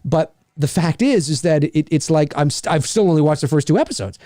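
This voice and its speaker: Man, podcast host, casual rant, animated, rambling, swearing, slightly high pitch. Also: fairly quick, no room sound, studio quality. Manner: animated, rambling, repeats words, swears often. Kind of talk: casual chat.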